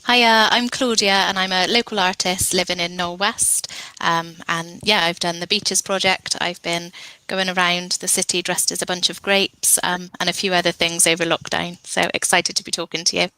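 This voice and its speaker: A woman introduces herself on a video call in a cheerful, casual way. Her fairly low voice sounds bright and crisp, and the recording is dry and close. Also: steady tone, moderate pace, no room sound, poor audio. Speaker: guest artist.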